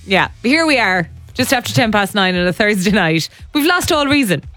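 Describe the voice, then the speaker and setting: A woman's voice: medium pitch, sing-song, normal speed, a bit bright, no echo, soft background music. A woman co-hosting an evening radio show, playful and wry, firing off silly wordplay in casual chat.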